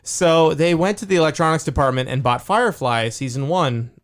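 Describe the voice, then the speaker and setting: A man's voice: a little high, fairly quick. A young man co-hosting a movie podcast, chatting casually, joking and laughing as he tells stories. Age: young adult. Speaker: podcast co-host. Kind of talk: casual chat.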